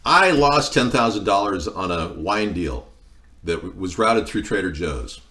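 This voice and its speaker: Low-voiced man rambling on a cooking livestream. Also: animated, measured pace, pushed and bright. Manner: rambling, meandering storytelling, answering chat. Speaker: livestream host. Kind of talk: casual live-stream chat while cooking.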